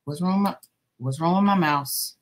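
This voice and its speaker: Crocheting live, this woman hosts a relaxed craft stream, greeting viewers individually by name and playfully teasing them with laughter. She speaks at a moderate pace in a fairly low voice.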